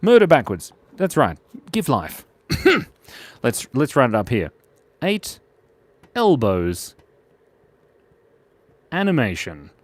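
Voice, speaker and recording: A man's voice: medium pitch, huge pitch swings, slow, long pauses, no room sound. An Australian man hosting a live drawing stream, chatting playfully with viewers and giggling at their jokes. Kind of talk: casual live drawing chat.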